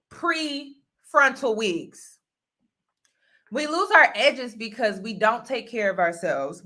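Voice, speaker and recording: A woman from the United States talks straight to her viewers in a casual vlog monologue, her voice slightly high and very bright. She speaks earnestly and circles back to repeat her key phrases for emphasis. The tone stays close and conversational. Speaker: host and mentor.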